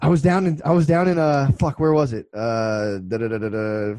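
A man's voice: mid-range voice, level tone, normal speed, warm tone, no room sound, low-quality recording. A man in his twenties co-hosting a podcast, telling rambling, profane stories in casual chat. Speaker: podcast co-host.

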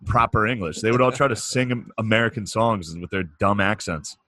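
A man's voice: fairly low pitch, fairly quick, pushed and bright, dry recording. A man co-hosting a podcast, tossing in crude jokes and banter in casual chat. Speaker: podcast co-host.

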